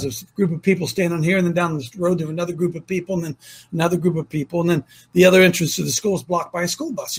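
A middle-aged man holds forth as host of a ministry talk show, his husky voice sitting fairly high. He hammers his points with repetition and climbs to near-shouts when he gets worked up. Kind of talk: impassioned conversational storytelling.

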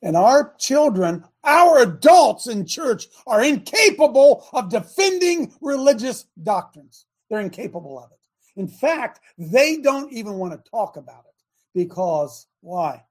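A man with a high, breathy, husky voice hosts a fiery preaching talk show. He speaks emphatically, pushing into shouts when he drives a point home. He sounds middle-aged. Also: very animated, unhurried.

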